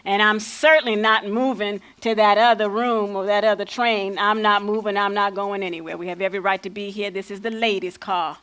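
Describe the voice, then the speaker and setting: A woman's voice: medium pitch, fairly even intonation, fairly quick, hardly any pauses, a bit bright, clean tone, natural voice. A woman playing a spirited older freedom fighter on stage. She tells stories in a folksy vernacular, by turns playful and defiant. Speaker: lead actor. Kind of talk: stage acting.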